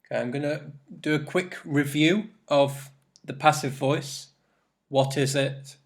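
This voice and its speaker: A man's voice: a little high, measured pace. A man teaching an English grammar lesson in a recorded presentation, explaining step by step and repeating his examples.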